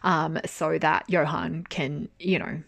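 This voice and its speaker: A young woman chatting casually about a drama. She is animated, laughs often and swears. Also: sits low, slow pace, vocal fry, breathy edge, no echo. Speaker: drama reviewer. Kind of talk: casual chat.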